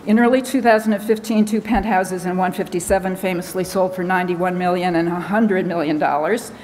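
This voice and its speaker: Hurried American woman at a conference. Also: fairly low pitch, fairly even intonation, darkish tone, big-room sound, a little hiss or hum. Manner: hurried, talking fast with many fillers and restarts. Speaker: conference speaker. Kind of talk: conference talk. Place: large conference hall.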